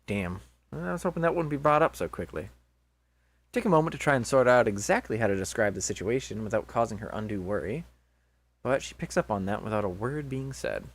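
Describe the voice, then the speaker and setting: A man reading a visual novel aloud as its narrator, expressive and chatty, breaking off into jokey asides. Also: on the low side, fairly quick, faint music behind. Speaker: visual novel reader, channel host.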